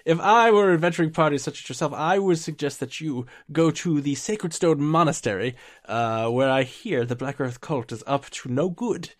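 A man's voice: a little high, normal speed, natural voice. A man doing a formal knight leader with an accent. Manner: formal, earnest and a little wary.

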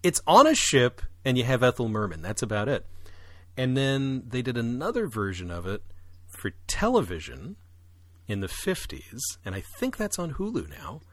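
A man co-hosting a podcast, chatting casually and with animation about musicals, with quick jumps up in pitch for asides. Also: very animated, dry recording. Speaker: podcast co-host.

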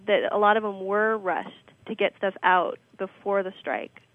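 A woman's voice: medium pitch, steady tone, normal speed, fairly bright tone, dry recording, poor audio. Playful woman guest on a podcast. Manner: playful, laughs easily. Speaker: podcast guest reading listener questions. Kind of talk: casual podcast chat.

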